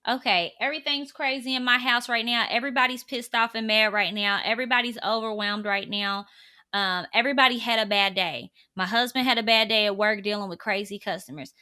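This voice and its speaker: A woman's voice: fairly high pitch, steady tone, fairly quick, pushed and bright. A woman in her thirties talking casually and earnestly to camera, giving parenting advice drawn from her own family. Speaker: parenting vlogger.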